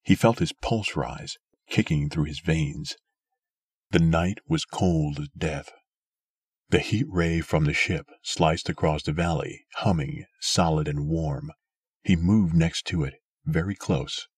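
A man narrating a story aloud in a steady, measured way. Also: a bass voice, breathy edge, dry recording, clean studio sound. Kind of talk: scripted audiobook narration.

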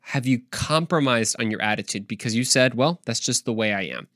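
A young adult man hosting his own podcast, giving a casual devotional talk in an animated, slangy, conversational way. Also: mid-range voice, fairly quick, no room sound, studio quality. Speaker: podcast host.

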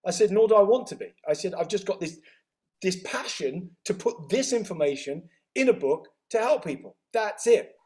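A middle-aged man tells his life story in an interview, acting out the dialogue with quick reported speech. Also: high-pitched, lively intonation, a little mellow. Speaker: interview guest. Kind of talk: storytelling in conversation.

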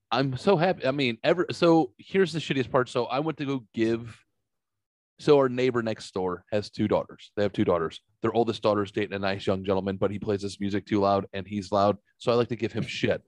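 A man with a lowish voice hosts a casual, profane podcast. He rambles through stories and keeps poking fun at himself. The sound is dry and close. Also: dry recording. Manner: self-mocking, rambling storyteller. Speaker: podcast host.

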